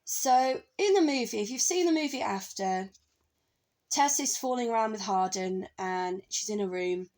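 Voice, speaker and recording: A woman's voice: medium pitch, normal speed, a little mellow, low-quality recording. A woman talking casually about a novel she is reading, drifting into stories from her own life. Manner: chatty, wandering into personal stories. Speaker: book vlogger. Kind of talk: casual book review chat.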